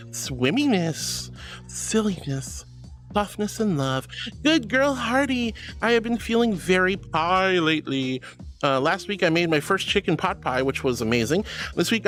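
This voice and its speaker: A woman streamer chatting casually with viewers and reading out their messages, bubbly and affectionate, with playful giggles. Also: lowish voice. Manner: bubbly and affectionate, calls viewers sweetheart and honey; playful, with frequent giggles and squeals. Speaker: VTuber streamer.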